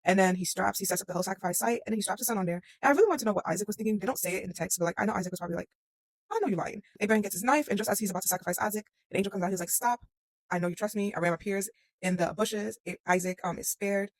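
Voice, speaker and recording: Young adult host explaining scripture episodes, rapid-fire and conversational, slangy asides, dry close sound. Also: mid-range voice, dry recording. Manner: chatty, slangy retelling with quoted asides. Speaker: host of a Bible-story series. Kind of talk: casual Bible story explainer.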